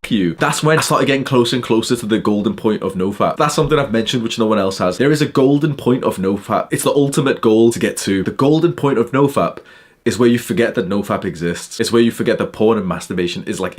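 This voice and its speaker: A young man, a self-improvement YouTuber, giving a blunt, profane and heated monologue to camera. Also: mid-range voice.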